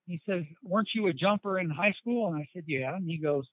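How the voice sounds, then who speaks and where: A man's voice: high voice, expressive, fairly quick, dry recording. Male interview guest, loose storyteller full of restarts and quotes; thin phone-line sound. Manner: rambling anecdotes with many restarts and quoted dialogue. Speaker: interview guest, former football player. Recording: dry tinny phone-like sound.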